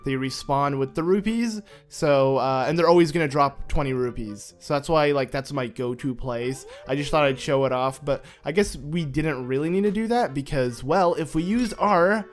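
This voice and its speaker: A man's voice: fairly high pitch, normal speed, hardly any pauses, soft background music. A man hosting a casual let's-play, rambling and chatty, with self-mocking sarcasm as he plays a console game at home. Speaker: gaming channel host.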